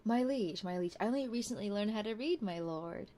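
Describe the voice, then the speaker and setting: A woman's voice: mid-range voice, animated, a little fast, natural voice. Woman whispering as a humble devoted knight. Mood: apologetic. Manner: soft, formal, courtly address. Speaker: streamer. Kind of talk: whispered role-play.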